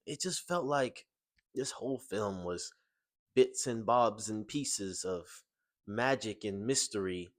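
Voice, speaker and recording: A man's voice: fairly low pitch, expressive, slow pace, a bit bright. A young man giving a casual film review, exasperated and rhetorical, his voice climbing when incredulous.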